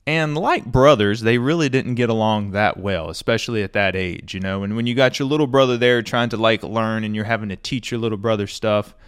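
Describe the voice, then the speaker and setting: On his podcast, a man casually talks through a classic book, peppering his review with fillers such as "you know" and "stuff like that." His voice sits on the low side, clear and resonant, and he speaks briskly with few pauses. The recording is dry and studio quality.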